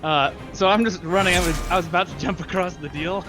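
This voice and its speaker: A man playing a tabletop game, upbeat and giggly, thinking out loud. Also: sits high, fairly even intonation, fairly quick, over music. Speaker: player.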